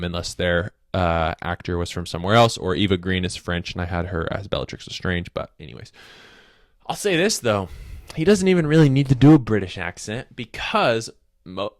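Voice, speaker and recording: A man's voice: lowish voice, dry recording, clean studio sound. A man hosting a casual commentary video, rambling, correcting himself mid-sentence and tossing in joking asides. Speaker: video host.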